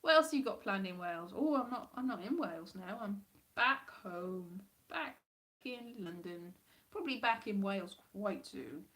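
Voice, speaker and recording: A woman hosting a casual livestream from home, rambling, chatty and quick to laugh at herself. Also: mid-range voice, animated, fairly bright tone. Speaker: livestream host.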